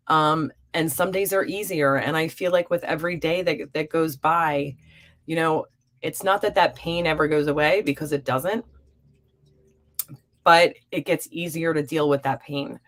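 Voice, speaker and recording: A young adult woman hosting a live stream as a psychic reader, chatting warmly and encouragingly with viewers. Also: sits low, steady tone, a little slow. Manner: warm, encouraging and upbeat. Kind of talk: live-stream chat reading viewer comments.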